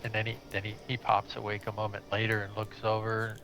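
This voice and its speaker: A man co-hosting a gaming livestream who tells amused stories in a halting way. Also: on the low side, completely flat delivery, low-quality recording. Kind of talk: casual chat while gaming. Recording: faint background noise.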